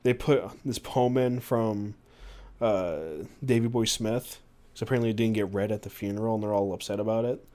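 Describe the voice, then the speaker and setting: A man's voice: lowish voice, fairly even intonation, normal speed, warm tone. Man reading aloud on a podcast. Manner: reads passages aloud, doing the quoted voices, with fillers and asides. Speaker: podcast host.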